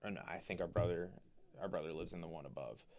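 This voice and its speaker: A man co-hosting a podcast, chatting casually about politics in a rambling, animated way with many fillers and restarts. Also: low-pitched, fast talker. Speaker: podcast co-host.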